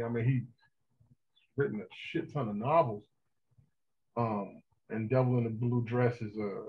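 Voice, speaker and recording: A man co-hosting a podcast, talking casually and profanely with lively enthusiasm. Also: mid-range voice, phone-quality sound. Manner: animated, profane, enthusiastic film talk. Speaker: podcast co-host. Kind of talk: casual chat.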